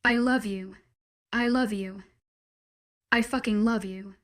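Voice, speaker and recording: A woman's voice: a little high, steady tone, slow. A woman reading a desperate, possessive werewolf lover. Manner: pleading, intense declarations. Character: possessive young male werewolf, desperate and clingy.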